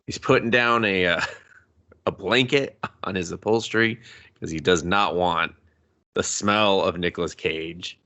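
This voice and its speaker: A man's voice: deep voice, a little slow, sharp tone. A man co-hosting a casual movie review podcast, swearing freely and acting out scenes in quoted voices. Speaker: podcast co-host.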